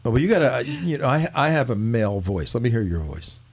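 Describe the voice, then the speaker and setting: A man hosting a casual political talk show, joking and animated. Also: medium pitch, quick pace, breathy edge. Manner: joking, animated, talks over co-host.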